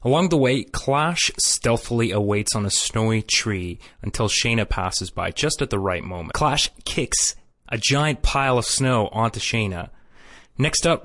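A man's voice: on the low side, fairly bright tone, no echo, clean studio sound. A man co-hosting a casual podcast, reading out episode summaries in a playful way. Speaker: podcast co-host. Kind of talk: casual recap chat.

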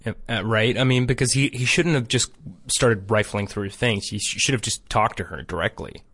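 A man's voice: lowish voice, moderate pace, a bit bright. A man co-hosting a podcast over a remote call, reading a plot recap and adding wry, sarcastic asides. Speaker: podcast co-host recapping a cartoon. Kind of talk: casual chat and read recap.

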